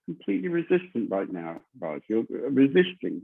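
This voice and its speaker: Blunt spiritual teacher guy on a zoom call, kinda husky, keeps repeating himself, tinny call audio. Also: medium pitch, moderate pace. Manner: blunt and insistent, repeating his points. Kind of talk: confronting a student in an online group meeting. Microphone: video call.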